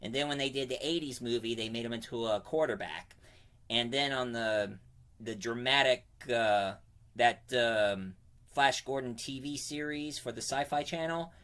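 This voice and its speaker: A man's voice: medium pitch, fairly bright tone. A man giving a casual spoken comic book review, rambling and digressive, often stopping to correct himself mid-sentence.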